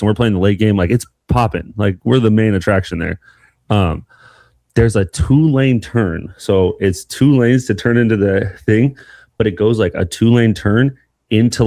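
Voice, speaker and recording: A young man co-hosting a podcast, telling a rambling, animated story in casual chat. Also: fairly low pitch, dry recording, clean studio sound. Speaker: podcast co-host.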